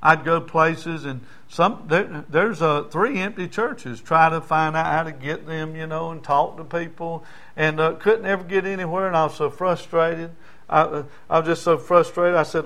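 A man's voice: fairly high pitch, steady tone, moderate pace, a bit bright. An older man, a pastor preaching in a folksy storytelling way, dropping into dialect. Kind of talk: sermon.

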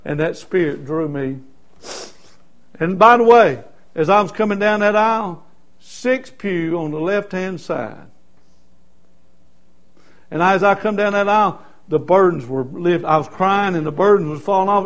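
High-voiced preacher telling a folksy testimony. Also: male voice, unhurried, pauses often. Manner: folksy storytelling, swinging from quiet to shouting. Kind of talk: sermon testimony.

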